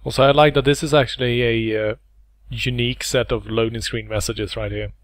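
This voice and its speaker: A man's voice: mid-range voice, fairly even intonation, a little fast. Jokey man commentating a game. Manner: jokey, laughs often. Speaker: let's play commentator. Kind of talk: casual gameplay commentary. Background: game music.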